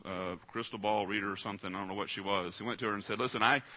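A man's voice: on the low side, level tone, racing. A man preaching a sermon, direct and emphatic, often putting questions to his listeners. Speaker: pastor. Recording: dull lo-fi recording.

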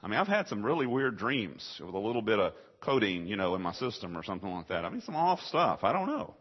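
A man preaching a sermon, emphatic and shifting between loud declarations and hushed asides. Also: lowish voice, very animated, fast talker, breathy edge. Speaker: pastor. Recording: dull lo-fi sound.

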